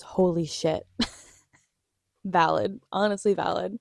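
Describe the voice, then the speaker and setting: A young woman vlogger recapping a TV episode in gushing, excited casual chat, laughing often and swearing casually. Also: fairly low pitch, dry recording, studio quality.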